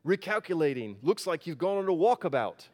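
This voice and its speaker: A man's voice: fairly high pitch, sing-song, fairly quick, a little mellow, big-room sound, voice pushed up. A man voicing a cheeky Australian navigation voice in a put-on accent.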